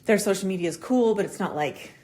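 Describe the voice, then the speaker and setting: A woman in her thirties hosts a casual solo podcast, animated and swearing freely as she acts out quoted conversations. She speaks quickly at a medium pitch.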